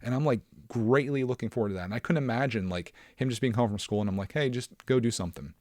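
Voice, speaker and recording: A man's voice: medium pitch, quick pace, a little mellow, dry recording. A man hosting his own podcast alone, talking casually in a rambling way with lots of fillers and self-deprecating asides. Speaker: podcast host. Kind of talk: casual solo podcast chat.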